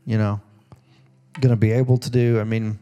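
A man's voice: lowish voice, level tone, moderate pace, mellow, clean tone, highs cut off, faint music behind. A man preaching a sermon as pastor of a church in a conversational way. He asks the congregation questions and acts out voices in quoted dialogue. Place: church service.

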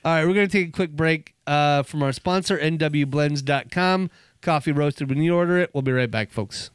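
A man's voice: on the high side, steady tone, a little fast, smooth, dry recording, clean studio sound. A man co-hosting a podcast, chatting casually and hesitantly with many restarts, and reading a sponsor spot. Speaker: podcast co-host. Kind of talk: casual chat and sponsor read.

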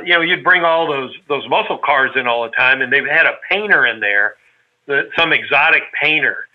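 A man spins a long, meandering anecdote in casual chat with a friend. His voice sits a little high, and the recording sounds dull and lo-fi. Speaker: storyteller reminiscing with a friend.

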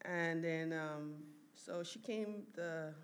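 A woman's voice: low-pitched, slow pace. A woman telling a family story in casual conversation, laughing often and voicing the people she quotes. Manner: animated, laughs often, quotes others in raised voice.

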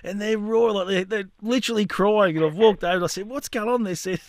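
Aussie bloke with a high voice spinning a yarn on a podcast, cracks himself up, dry close sound. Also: male voice, fast, no echo. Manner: animated yarn-spinning, laughing at his own stories. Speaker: podcast host. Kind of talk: casual storytelling chat.

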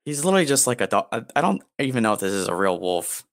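A young man co-hosting a crude comedy podcast, rambling and joking with deadpan asides. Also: fairly low pitch, very fast, no room sound, studio quality. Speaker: podcast co-host.

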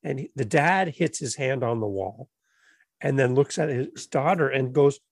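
A man's voice: medium pitch, normal speed, creaky, no echo. A middle-aged man hosting a casual interview, telling stories with lots of animation and acting out children's voices. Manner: animated storyteller who acts out children's voices. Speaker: podcast host.

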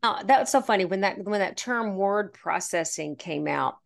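A middle-aged woman from Pennsylvania hosting a casual faith-based interview, chatty and energetic, laughing often. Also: mid-range voice, normal speed, vocal fry. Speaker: podcast host.

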